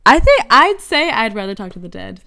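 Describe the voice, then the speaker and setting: A woman's voice: medium pitch, big pitch swings, fairly quick, gravelly, pushed and bright, a little hiss or hum. A young woman co-hosting a casual chat at home, playful and jokey. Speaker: co-host.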